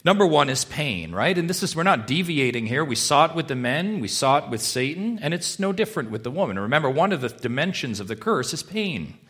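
A man preaching a sermon to his congregation, asking rhetorical questions and swinging from hushed, slow stretches to loud, emphatic ones. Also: a little high, big pitch swings. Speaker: pastor.

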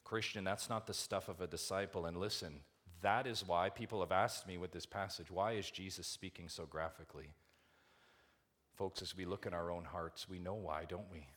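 A man preaching a sermon to his church, asking rhetorical questions and swinging from hushed asides to loud, emphatic build-ups. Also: low-pitched, fairly even intonation, a little fast, hardly any pauses. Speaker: pastor.

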